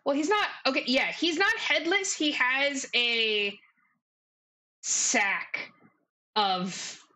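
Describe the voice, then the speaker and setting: A woman running a tabletop game, chatting casually between scenes in a slangy, animated way and laughing often. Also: sits high, slow, rough recording. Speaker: game master. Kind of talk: casual out-of-character chat.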